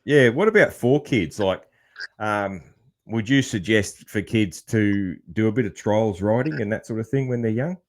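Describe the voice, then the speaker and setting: An Australian man hosting a podcast, chatting in a relaxed, rambling way with frequent laughs. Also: lowish voice, normal speed. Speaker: podcast host. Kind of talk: casual interview chat.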